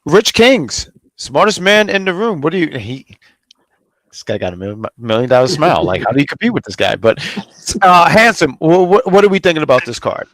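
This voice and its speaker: A man hosting a casual podcast, lively and jokey, stumbling over his words now and then. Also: medium pitch, fairly quick, no room sound. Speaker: podcast host.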